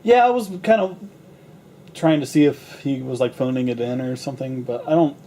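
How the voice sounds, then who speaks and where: A man's voice: mid-range voice, moderate pace, warm tone. A young man co-hosting a casual movie review chat, easygoing and agreeable.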